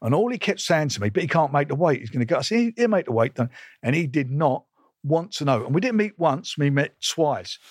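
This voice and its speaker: A man's voice: fairly high pitch, animated, brisk, no echo, clean studio sound. An older man, a boxing promoter, telling blunt stories in an interview with emphatic repeats and restarts. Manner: emphatic, repetitive, combative, stumbles and restarts.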